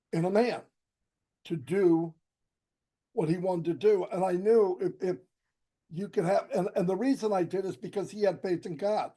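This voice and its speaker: A man speaks with a fairly high, mellow voice that is going hoarse. He gives an earnest personal testimony on a group call and often restarts his sentences. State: losing his voice. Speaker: participant in an online group call.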